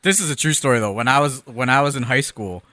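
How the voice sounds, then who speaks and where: A man's voice: mid-range voice, quick pace, pushed and bright, no room sound. A tipsy man telling laid-back anecdotes in casual podcast banter and mimicking the people he quotes. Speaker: podcast co-host.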